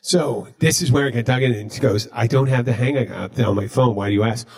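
A man hosting a podcast, telling a story in a casual, deadpan way. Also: medium pitch, quick pace. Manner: deadpan, recounting jokes he told. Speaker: podcast host.

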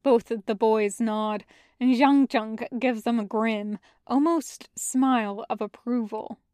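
A woman reading a fan fiction story aloud as a podfic, in a measured storytelling way. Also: fairly high pitch, steady tone, a little mellow, clear, resonant tone, dry recording, clean studio sound. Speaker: podfic reader. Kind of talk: audiobook narration of fan fiction.

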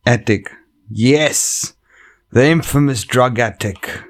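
A man's voice: lowish voice, steady tone, unhurried, creaky, a little mellow. A comedian hosting a show, chatting casually and reading online stories aloud into a microphone. He rambles, swears and keeps cutting himself off. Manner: rambling, profane, self-interrupting. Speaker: comedian and podcast host.

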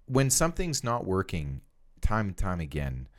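A man's voice: sits low, wildly swooping pitch, moderate pace. A man co-hosting a podcast in casual political chat, rambling and often repeating words as he starts sentences. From Canada. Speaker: podcast co-host.

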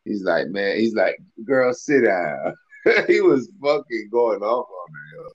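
Man, podcast co-host, lowish voice, dull lo-fi sound, loose profane storytelling. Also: sing-song, normal speed, slightly rough. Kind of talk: casual chat.

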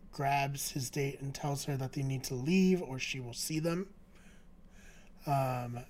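This podcast co-host has a slightly high, somewhat mellow voice. He chats casually through a recap of a TV episode, laughing a lot and leaning on plenty of fillers.

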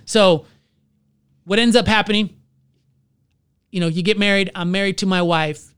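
A man who is a pastor, telling his own story in an earnest, halting way and searching for his words. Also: high voice, fairly bright tone, clear, resonant tone, no room sound, studio quality. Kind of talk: candid personal testimony in conversation.

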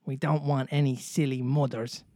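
A man's voice: medium pitch, level tone, normal speed, mellow, no room sound, clean studio sound, lightly acted. A man reading a storybook aloud, voicing a cocky, defiant young boy with a sneering, boastful manner.

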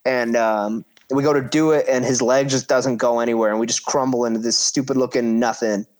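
A man's voice: medium pitch, steady tone, a little fast. A man in his thirties casually telling a story about his wrestling career, acting out quoted voices and swearing freely.

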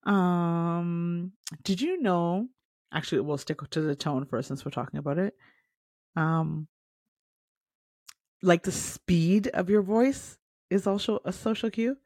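A woman's voice: fairly low pitch, expressive, takes it slowly, pauses often, a little mellow, no echo, clean studio sound. A woman co-hosting a podcast in casual chat, laughing often and swearing casually. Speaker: podcast co-host.

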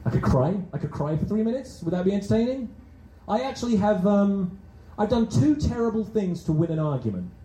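A man's voice: a little high, warm tone, roomy sound, low-quality recording. A man doing a rambling, self-deprecating, crude stand-up set, bantering with a small audience. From England. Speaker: stand-up comedian. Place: small comedy venue with few people.

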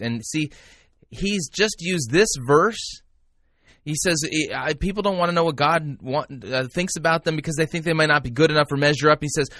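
A man's voice: on the high side, pushed and bright, dry recording. A man giving critical, sarcastic commentary on a sermon clip, into a close mic. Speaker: commentary host reviewing a sermon.

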